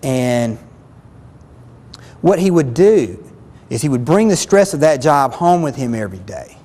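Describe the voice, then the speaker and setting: A man's voice: mid-range voice, sing-song, a little slow, warm tone, big-room sound. A man giving a spoken self-help lesson as a relationship counselor, earnest and plain-spoken, often repeating himself.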